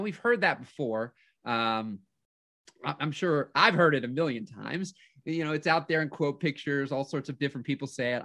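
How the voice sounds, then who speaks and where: A man who works as a life coach, giving an energetic motivational talk, telling a personal story with frequent restarts. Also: a little high.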